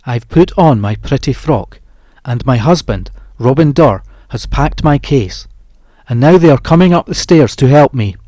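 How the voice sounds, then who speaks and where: A man narrating a horror story as an audiobook, reading in a dramatic, expressive way that slows down and rises for the tense moments. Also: medium pitch, no room sound.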